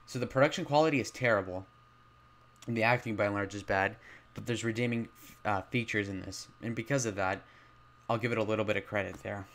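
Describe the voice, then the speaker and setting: A man reviewing horror films in a loud, rambling way, full of fillers and restarts, his voice strained from talking loudly. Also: fairly low pitch, brisk. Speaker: movie reviewer. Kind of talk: casual spoken film review.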